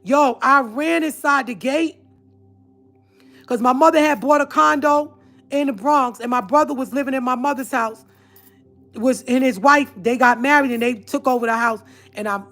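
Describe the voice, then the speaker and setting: A woman's voice: high voice, moderate pace, fairly bright tone, soft background music. Earnest New woman telling her story. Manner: earnest, emphatic, addresses viewers directly. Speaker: vlogger. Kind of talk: personal testimony storytelling.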